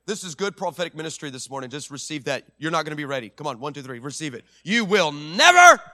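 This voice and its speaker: A man preaching as pastor at a church service, swinging from loud declarations to hushed storytelling and acting out voices in his stories. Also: fairly high pitch, very animated, quick pace. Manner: acts out quoted voices in story. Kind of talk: sermon.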